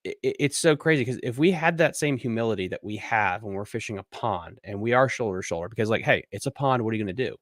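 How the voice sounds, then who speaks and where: A man's voice: lowish voice, lively intonation, quick pace, few pauses, dry recording, clean studio sound. A man hosting a live fishing podcast, ranting bluntly and swearing casually as he answers listener questions. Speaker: podcast host. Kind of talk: casual live-stream rant and Q&A.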